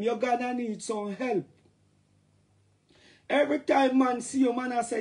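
A middle-aged Jamaican man rants and jokes in patois on a casual livestream. His voice sits high and carries a gravelly rasp. He talks in a loose, animated way. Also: a little slow, pauses often.

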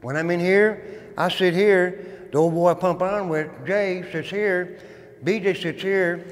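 A man's voice: high voice, steady tone, measured pace. A man who served time, giving a dramatic, folksy storytelling tour and calling his listeners guys. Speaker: former inmate giving a prison tour. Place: inside an old prison. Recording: long echo of a stone hall.

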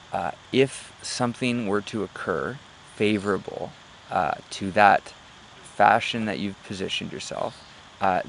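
A man giving a motivational talk, halting and full of fillers, who tells a joke to make his point. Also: lowish voice, gravelly, slight background noise. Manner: tells stories and jokes. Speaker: motivational speaker.

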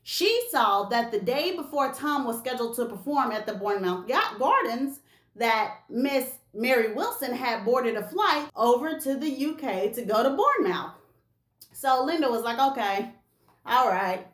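A woman's voice: high voice, sing-song, normal speed, a bit bright, reverberant. A woman hosting a gossip video, telling a story to camera in a sassy, slangy way and acting out the voices of the people in it.

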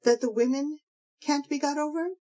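A woman's voice: high voice, normal speed, warm tone, pitched above the performer's own voice, natural voice. A woman doing a fawning old scheming fence. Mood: wheedling. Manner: fawning, calls everyone "my dear".

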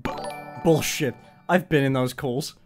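A man's voice: a little slow, soft background music. A young man hosting a live stream, chatting in a rambling, giggly way and swearing often. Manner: rambling, swearing, giggly, high-pitched laughs. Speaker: livestream host. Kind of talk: casual live-stream chat.

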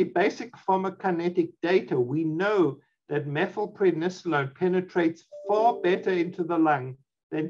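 A man's voice: fairly high pitch, a little mellow, dull audio. A man, a physician guest in an interview, speaking emphatically and dismissively about opposing views. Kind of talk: expert interview answers.

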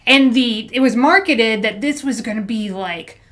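A woman's voice: on the high side, moderate pace, fairly bright tone. A woman co-hosting a casual boxing talk show, chatty and enthusiastic, often giggling. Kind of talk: casual chat.

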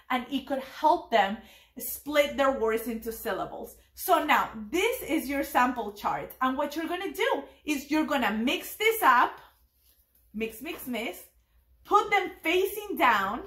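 A young woman teaching a preschool lesson to families, cheerful and encouraging, sounding out words slowly and clearly. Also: high voice, a bit bright, reverberant. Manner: slow, clear demonstration of words. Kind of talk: virtual family event lesson.

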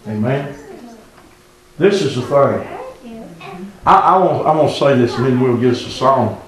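A man preaching a revival sermon, swinging from hushed tones to near-shouting. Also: mid-range voice, lively intonation, a little slow, recorded from a distance. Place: church sanctuary. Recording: very echoey church room.

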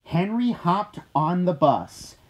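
Slow, expressive storybook reader. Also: mid-range voice, slightly rough, low-quality recording. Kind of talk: storybook read-aloud.

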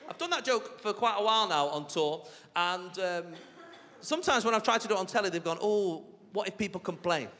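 Lively high-voiced stand-up comic man. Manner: animated, chatty, mock-outraged asides. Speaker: stand-up comedian. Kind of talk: live stand-up routine. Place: theatre stage before a live audience. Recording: reverberant theatre with crowd laughter. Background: audience laughter.

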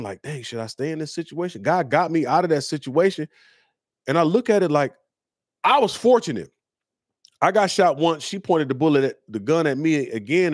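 A man's voice: fairly high pitch, darkish tone, no room sound, studio quality. A man hosting his own show, telling a personal story in an earnest, casual, slangy way. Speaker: host.

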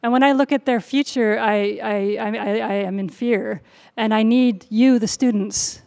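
Middle-aged woman, event host, slightly high voice, stumbling, thankful remarks. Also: fairly even intonation, vocal fry. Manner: warm, halting, with frequent fillers and self-corrections. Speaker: honors program host. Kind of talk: university lecture welcome remarks.

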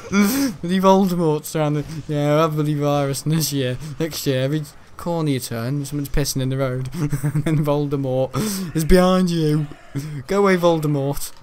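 Jokey British man, slightly high voice. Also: a little mellow, slight background noise. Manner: rambling, jokey, laughs often, swears casually. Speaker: gaming video host. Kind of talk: casual gaming commentary. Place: bedroom at home.

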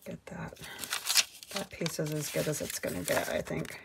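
A woman with a slightly low voice talks casually through her crafting at an indoor table, thinking aloud and wandering from one thought to the next. Paper crinkles and clicks come through clearly behind her words. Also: fairly even intonation, fairly quick, very noisy. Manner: thinks aloud, chatty and meandering. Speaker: craft vlogger. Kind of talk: casual running commentary while crafting.

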